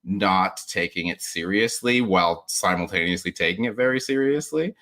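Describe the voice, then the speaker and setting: Low-voiced yet bright and forceful, a man speaks at a moderate pace as a guest on a podcast. He rambles casually, restarting often and laughing a lot, and he mimics the people he quotes in mock voices.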